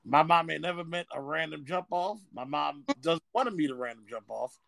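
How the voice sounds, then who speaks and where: Male podcast co-host, slightly high gravelly voice, casual and frank. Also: a little fast, dry recording. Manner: blunt, profane, animated storytelling.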